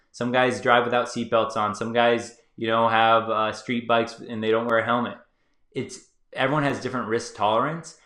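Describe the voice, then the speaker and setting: Speaking in a mid-range, fairly bright voice, a man offers casual advice to viewers of his own YouTube channel. His monologue is loose and full of fillers, recorded in an echoey room.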